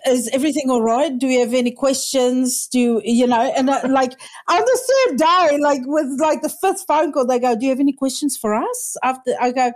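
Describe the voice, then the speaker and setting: A woman's voice: high voice, brisk, a little mellow. A woman hosting a podcast, blunt and teasing, who swears freely in casual chat. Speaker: podcast host.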